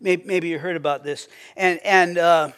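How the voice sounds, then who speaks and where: Male pastor, high voice, relaxed sermon, stammering restarts, acts out prayers. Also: normal speed, smooth. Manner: conversational, repeats words when starting sentences; acts out quoted prayers with a raised voice.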